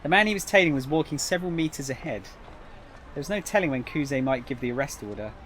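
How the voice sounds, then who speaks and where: A man streaming a visual novel, narrating it expressively with quick joking asides. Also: a little high, lively intonation, a bit bright, a little hiss or hum. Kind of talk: narrating a game, reading chat. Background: faint music.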